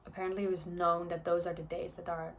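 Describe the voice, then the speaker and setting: A woman's voice: fairly low pitch, flat delivery, fast, slight background noise. A young woman telling a personal story in a chatty vlog, with lots of fillers and frequent laughs. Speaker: vlogger.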